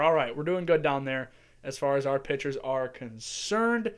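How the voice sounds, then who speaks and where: A man's voice: medium pitch, lively intonation, normal speed. A man hosting a gaming channel, musing aloud in casual commentary as he manages a baseball sim from a home desk mic. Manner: chatty, musing aloud while playing.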